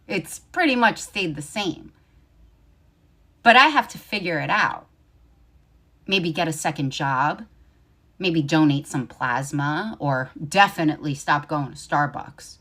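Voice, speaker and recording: A woman's voice: sits low, bright, forceful tone. Sarcastic woman giving mock sympathy. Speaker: commentator in a played video. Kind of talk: opinion commentary.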